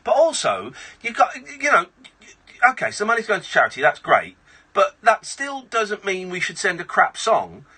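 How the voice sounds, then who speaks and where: A man hosting a late-night comedic radio phone-in in a studio, animated and playfully exasperated. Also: high voice, normal speed, husky. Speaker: radio host. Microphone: studio microphone.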